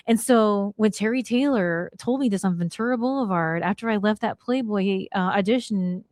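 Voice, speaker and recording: Animated woman telling a story, dry sound. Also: a little high, moderate pace, no room sound. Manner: animated, slangy, acts out quoted voices. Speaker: podcast host. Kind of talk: casual storytelling chat.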